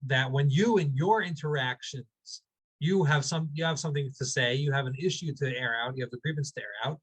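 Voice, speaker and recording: A man teaching a weekly text study over a video call, thinking aloud with many restarts and slowing down to spell out Hebrew words. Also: mid-range voice, fairly bright tone, poor audio. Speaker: rabbi teaching a weekly class.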